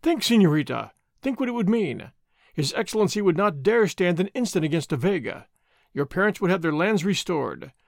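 A man's voice: sits high, big pitch swings, moderate pace, gravelly, no room sound, heavily acted. Guy reading as a cocky masked outlaw hero, taunting, lifted voice that swings around a lot, dry close sound. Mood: earnest. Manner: defiant, taunting. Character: dashing masked outlaw hero, bold and mocking.

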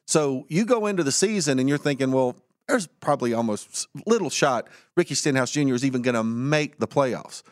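A man's voice: medium pitch, expressive, fairly quick, few pauses, no room sound, studio quality. A man with a Southern US accent co-hosting a casual racing and betting podcast, easygoing and folksy, chuckling often. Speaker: podcast co-host. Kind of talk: casual sports-betting chat.

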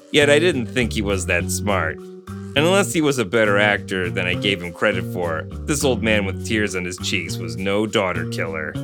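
A low-voiced man co-hosting a book podcast who reads a hard-boiled first-person crime novel aloud. Between passages he chats loosely and laughs often. Guitar music is clearly heard behind him. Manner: laughs often, says "like" often in chat, steady when reading. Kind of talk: casual book chat and first-person noir reading.

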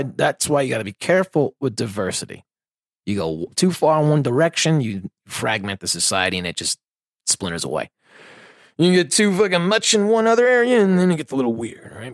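A man's voice: fairly high pitch, no echo, clean studio sound. A man hosting a podcast, ranting with constant swearing and sarcasm. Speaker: podcast host. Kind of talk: profane ranting commentary.

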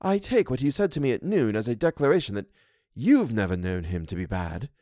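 Man doing young governess woman, anxious, earnest, measured, lively pitch, dry sound. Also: no room sound, natural voice. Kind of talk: audiobook reading of a classic story.

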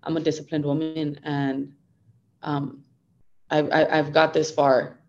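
A woman's voice: low voice, level tone, unhurried, a little mellow, lo-fi sound. A young woman fighter talking earnestly and upbeatly as a guest in a casual interview. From United States. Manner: earnest, upbeat, code-switches Spanglish.

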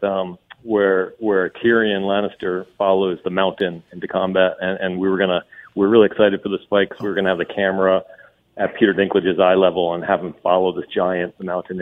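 Deep-voiced man on a tinny phone line. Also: slight background noise. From New York. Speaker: guest on phone. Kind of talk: phone interview.

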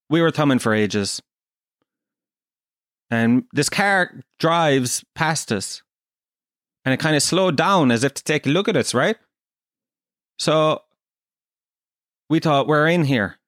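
A man's voice: on the high side, lively intonation, slow, long pauses, a bit bright, dry recording, studio quality. An Irish man from Kerry hosting a podcast, telling a comic story in a profane, self-deprecating way. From Kerry, Ireland. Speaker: podcast host.

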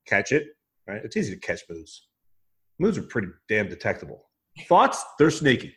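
A man's voice: fairly low pitch, wildly swooping pitch, moderate pace, fairly bright tone. Emphatic man coaching on moods. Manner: emphatic, repetitive, acts out his own thoughts in quotes; frequent restarts and "right?" tags. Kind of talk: conversational podcast explanation.

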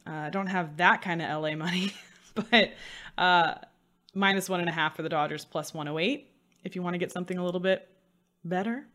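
A woman's voice: fairly low pitch, brisk, fairly bright tone. Chatty woman hosting a podcast. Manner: chatty and self-mocking, with dry sarcasm. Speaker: sports betting podcast host. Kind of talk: solo podcast talk.

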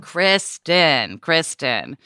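A woman's voice: deep voice, very animated, very slow, over loud music. A woman co-hosting a podcast, chatting in a playful, teasing way. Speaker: podcast co-host. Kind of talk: casual chat.

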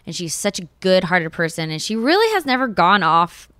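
A woman hosting a podcast, chatting casually in an animated, heartfelt, confiding way. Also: on the low side, moderate pace, clean tone. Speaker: podcast host. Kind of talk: casual chat.

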